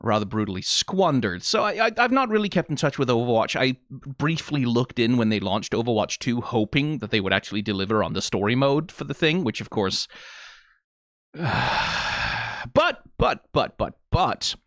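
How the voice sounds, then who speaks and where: A man's voice: medium pitch, expressive, a little fast, a bit bright, no room sound, studio quality. A young man from Denmark giving casual, wry reaction commentary as a content creator, rambling and often restarting his sentences.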